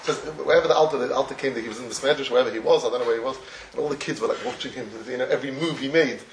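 A man's voice: mid-range voice, rapid-fire, slight background noise. A man giving a Torah lecture, telling stories animatedly with many restarts and chuckles. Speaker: Torah teacher. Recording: echoey room, distant mic, faint ambience.

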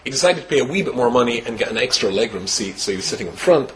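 An older man from Scotland in his sixties, a rabbi telling a personal story with wry humor, dropping to a hush and then rising to exclaim. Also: medium pitch, expressive, rapid-fire, crowd noise, rough recording. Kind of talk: personal story told to a host.

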